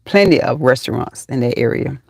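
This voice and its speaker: A woman's voice: a bass voice, expressive, brisk, vocal fry, darkish tone, husky. A middle-aged woman with a Southern accent, hosting a casual live chat from her parked car, folksy and chatty, calling viewers honey and child. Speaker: livestream host.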